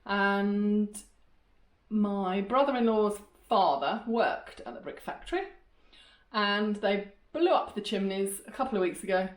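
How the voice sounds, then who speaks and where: A middle-aged woman chatting casually in a vlog, laughing often and poking fun at herself. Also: medium pitch. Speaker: vlogger. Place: outdoors by a canal, then indoors at a house.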